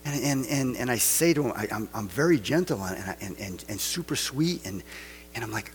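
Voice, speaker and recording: A man's voice: mid-range voice, animated, a little fast, long reverb tail, noisy background. A man preaching a casual sermon, full of rhetorical questions and joking asides. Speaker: pastor.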